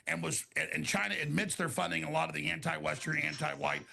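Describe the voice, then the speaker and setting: Casting: man with a high, very gravelly voice, bright edge, rapid-fire debater who piles on tangents. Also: flat delivery. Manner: rapid, talks over others, jumps between tangents. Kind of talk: heated online debate.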